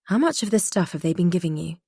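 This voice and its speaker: A woman's voice: on the low side, expressive, fast talker, gravelly, dark tone, breathy edge, no room sound, clean studio sound, heavily acted. A woman voicing a tough, foul-mouthed young rescuer who hisses her words through gritted teeth. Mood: urgent.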